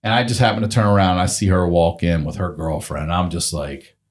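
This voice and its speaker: A male comedian telling a long, animated story in casual chat, swearing freely and acting out the people he quotes. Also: low-pitched, fast talker. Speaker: guest comedian.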